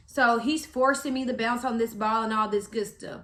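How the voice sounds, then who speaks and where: A young woman, telling a story to camera in a chatty, animated way, with slang and acted-out quotes. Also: a little high, moderate pace, echoey room. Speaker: vlogger.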